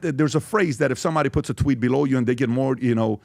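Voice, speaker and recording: Animated man hosting a podcast. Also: a little high, fast talker, vocal fry, hardly any pauses, no room sound, clean studio sound. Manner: animated, acts out quotes and reads tweets aloud. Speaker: podcast host. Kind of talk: casual podcast talk. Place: podcast studio.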